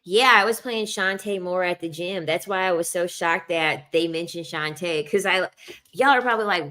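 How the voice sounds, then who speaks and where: A woman's voice: lowish voice, lively intonation, moderate pace, bright, forceful tone. A woman chatting casually to her viewers, emphatic and repeating herself, laughing often. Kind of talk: casual chat to camera.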